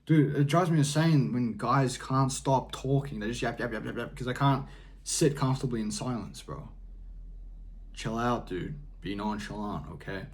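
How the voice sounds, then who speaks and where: A young man vlogs casual advice in a laid-back, rambling way, sprinkling in slang and often trailing off before starting over. His voice is mid-range and his speed normal.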